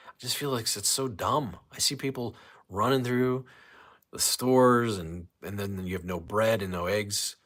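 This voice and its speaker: A man's voice: fairly low pitch, unhurried, fairly bright tone. A man from St. Louis hosting a casual livestream, ranting with lots of swearing and reading chat comments. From St. Louis, USA. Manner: ranting, profane, reads chat aloud. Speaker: livestream host.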